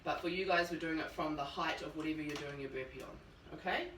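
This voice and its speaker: A woman's voice: low voice, a little fast, a bit bright, reverberant, recorded from a distance, a little hiss or hum. A woman fitness coach at home, talking through workout moves while she demonstrates them. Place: home room.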